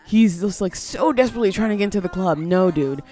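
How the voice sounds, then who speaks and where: A woman's voice: mid-range voice, expressive, fast, dark tone, soft background music. A woman giving casual let's-play commentary, chatty and easily surprised, coaxing her game character along. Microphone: headphones on, desk mic.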